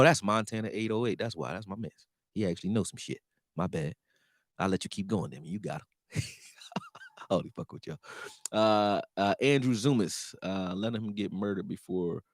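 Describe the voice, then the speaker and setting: A man talking casually on a sports live stream, profane and animated, answering his chat. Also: medium pitch, dry recording, clean studio sound.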